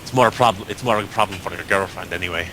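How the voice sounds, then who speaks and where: A man's voice: low voice, racing, noisy background. A man playing a tabletop game in character, often hesitant and stumbling over his words. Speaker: player.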